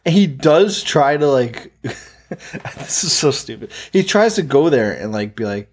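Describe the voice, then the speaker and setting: Husky-voiced laughing podcast co-host. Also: medium pitch, expressive, a little slow. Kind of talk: casual movie recap chat.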